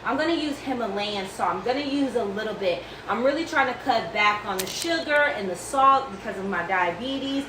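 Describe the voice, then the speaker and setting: Woman host, fairly high voice, chatty home-cook demo, noisy kitchen. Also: lively intonation, moderate pace, few pauses, roomy sound, recorded from a distance. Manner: chatty, reassuring, calls viewers baby and girl. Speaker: cooking vlog host. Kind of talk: casual cooking demonstration.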